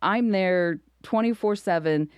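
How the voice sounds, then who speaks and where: A woman's voice: on the low side, measured pace, clear, resonant tone, no echo, studio quality. A middle-aged woman, a comedian guest on a podcast, telling stories in casual chat and laughing often. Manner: animated storyteller, laughs often.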